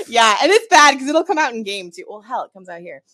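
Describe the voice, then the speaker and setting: Lively, giggly American woman co-host. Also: sits high. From American South. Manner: giggly, animated and self-mocking. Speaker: podcast co-host. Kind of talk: casual chat.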